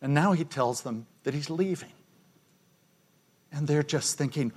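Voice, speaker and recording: An older man preaching a sermon, retelling a scene with quiet intensity and dropping to a hush at key moments. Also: a little high, a little slow, pauses often, slightly rough. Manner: storytelling, voicing the disciples with quiet intensity.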